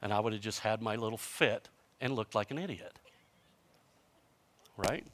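A pastor in his fifties preaches a sermon in a conversational, storytelling style, full of self-mocking humor and frequent restarts. His voice is lowish and his pace normal.

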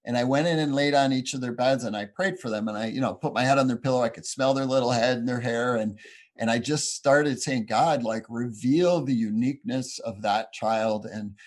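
A man's voice: mid-range voice, fairly even intonation, brisk. A man in his forties, a pastor, answering interview questions in an earnest, heartfelt way with many fillers. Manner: earnest, heartfelt storytelling with frequent "you know" fillers.

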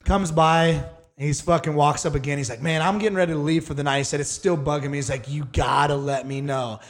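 A man's voice: on the high side, fairly even intonation, brisk. A man co-hosting a casual podcast, telling long, rambling stories full of swearing and acted-out quotes. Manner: rambling, profane storyteller, acts out quotes. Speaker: podcast co-host. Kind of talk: casual chat, storytelling.

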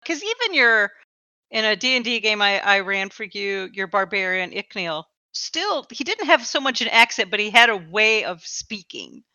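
A woman's voice: mid-range voice, sing-song, normal speed, bright, forceful tone, no echo. A woman hosting a casual podcast chat, who often repeats her words as she talks. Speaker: podcast host. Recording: dull, slightly lo-fi dry sound.

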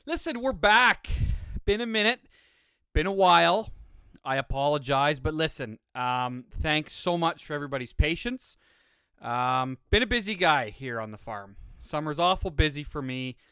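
A young man rambles through a solo podcast, cursing freely and poking fun at himself. His pitch sits a little high and his voice comes through smooth and clear. He sounds slightly out of breath, in a dry, close room. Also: lively intonation, moderate pace, sharp tone, no echo. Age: young adult. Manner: casual, profane, rambling, self-mocking. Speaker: podcast host. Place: home studio room.

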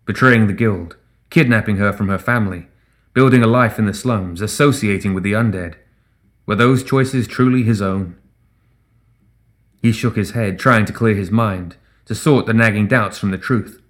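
Deep-voiced man narrating a fantasy story. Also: normal speed. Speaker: audiobook narrator. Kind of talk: scripted narration.

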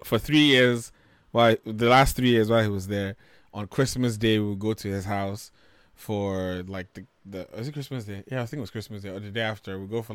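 Guy telling stories casual, swears a lot, gets loud and worked up, dry close sound. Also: lowish voice, smooth, dry recording. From Nigeria. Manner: animated, profane, loud when retelling arguments. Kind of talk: casual storytelling chat.

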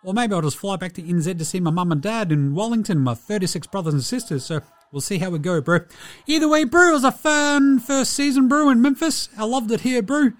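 Comedy impression: a man putting on a laid-back Kiwi ballplayer, high voice, New Zealand accent, drawling and chummy. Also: lively intonation, a little fast. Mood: easygoing. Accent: New Zealand, put on. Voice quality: laid-back drawl, ends phrases with "brew" and "eh". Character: laid-back New Zealand basketball player, adult male, easygoing.

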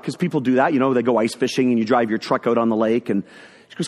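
A middle-aged man telling a personal story in a sermon, animated, acting out the voices of people in it. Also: mid-range voice, fast talker. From northern Ontario, Canada. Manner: animated storyteller who acts out quotes. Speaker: speaker sharing a testimony. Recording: echoey hall.

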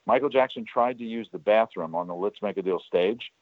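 Low-voiced guy rambling thru old work stories, lots of uh and you know, tinny phone sound. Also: fairly quick. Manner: rambling, self-deprecating, many fillers and restarts. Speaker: guest, former studio worker. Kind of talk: casual storytelling interview.

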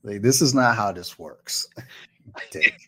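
Easygoing podcast host, lowish voice. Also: male voice, slow, sharp tone, slightly rough. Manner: easygoing, laughs often, swears casually. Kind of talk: casual podcast chat.

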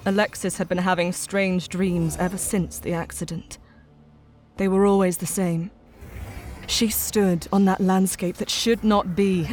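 Woman reading a grim sci-fi story, lower voice, slow and somber. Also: a little mellow. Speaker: narrator. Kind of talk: scripted narration.

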